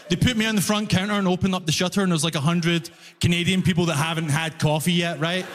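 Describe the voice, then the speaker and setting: A man performing a stand-up comedy set, telling stories with animated delivery and shouted punchlines on a comedy club stage. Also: high-pitched, fast talker. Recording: reverberant live room, faint ambience.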